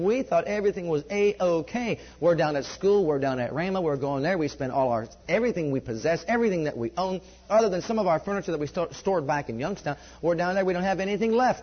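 Husky-voiced preacher, lo-fi. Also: male voice, high-pitched, fast, few pauses. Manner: animated, conversational, laughs often. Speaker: preacher giving a testimony. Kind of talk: sermon storytelling. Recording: dull lo-fi recording.

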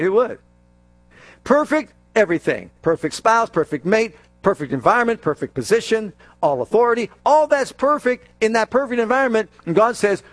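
A man delivers a sermon in a lively, swooping style, often joking and acting out little scenes in an animated way. His voice is fairly high for a man, and the recording sounds dry and close with no echo.

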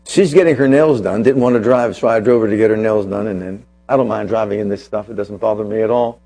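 A man preaching a sermon as pastor, telling a personal story and then slowing down to press his points with emphasis. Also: fairly low pitch, dark tone.

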